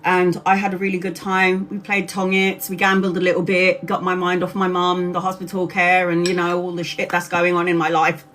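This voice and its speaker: A tired woman, a tarot reader, telling a personal story to her livestream viewers in a casual, animated way, swearing freely. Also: fairly low pitch, a little fast, hardly any pauses. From Brazil. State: exhausted.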